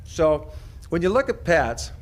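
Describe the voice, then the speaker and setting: A middle-aged man from Idaho, working as a veterinarian, gives a rambling, good-humored talk to an audience. His voice sits a little high for a man. He slips into quoted voices as he spins homespun stories. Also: very animated, a little slow. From Idaho, USA. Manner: folksy, anecdotal, acts out quoted voices. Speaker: veterinarian speaker.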